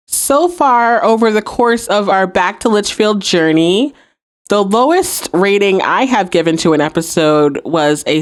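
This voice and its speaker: A woman hosting a podcast, recapping and reviewing a TV episode and acting out quoted lines. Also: lowish voice. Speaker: podcast host.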